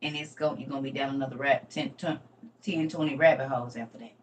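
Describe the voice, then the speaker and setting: A woman's voice: a bass voice, fairly even intonation, fast talker. A middle-aged woman, rambling and folksy as she hosts a casual livestream lesson. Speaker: livestream host and teacher. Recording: distant mic with faint background noise.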